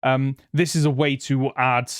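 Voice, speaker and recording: Unhurried and fairly monotone, a podcast host argues his point casually, often restarting, padding with fillers, rambling and laughing easily. His voice is medium-pitched, and the audio is studio-quality with no echo.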